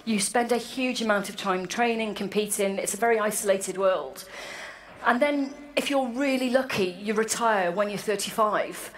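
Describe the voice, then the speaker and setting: A woman's voice: medium pitch, moderate pace. A woman in her forties giving a wry, self-deprecating anecdotal speech to a meeting. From Wales. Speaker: speaker at an annual meeting. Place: large hall, to an audience. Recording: echoey hall with faint room noise.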